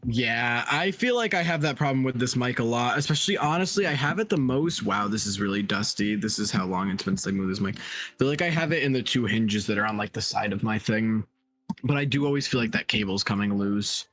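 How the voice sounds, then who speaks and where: A man's voice: mid-range voice, animated, fairly quick, a bit bright. Chatty man rambling on a stream. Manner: chatty, lots of "like", rambling stories. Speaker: stream co-host. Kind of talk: casual stream chat. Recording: faint music behind. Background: faint music.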